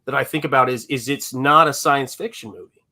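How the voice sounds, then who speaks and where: A man's voice: mid-range voice, brisk. A man chatting casually on a livestream, telling stories with enthusiasm and laughing easily. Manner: enthusiastic, animated storyteller who laughs easily. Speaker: co-host of a crowdfunding livestream. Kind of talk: casual chat. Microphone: video call.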